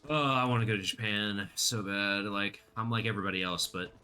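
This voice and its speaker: A man's voice: on the low side, steady tone, a little fast, sharp tone, clear, resonant tone. A man streaming a game, rambling casually and chatting with his viewers. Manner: rambling, chatty, reads chat aloud. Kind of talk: casual gameplay commentary.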